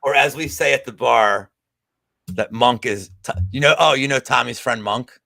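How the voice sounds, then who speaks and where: This man talks with a gravelly, fry-laden edge and a bright, forceful tone. He co-hosts a betting podcast in casual chat, animated and profane, with a jokey storyteller's bent. The sound is dry and close. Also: medium pitch, normal speed, no room sound.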